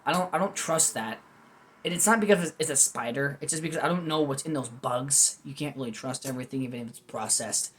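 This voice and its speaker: A man's voice: medium pitch, fairly quick, fairly bright tone. Rambling, candid young man vlogging. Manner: rambling, candid, self-deprecating, goofy asides. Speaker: food review vlogger. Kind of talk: unscripted casual commentary. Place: at home.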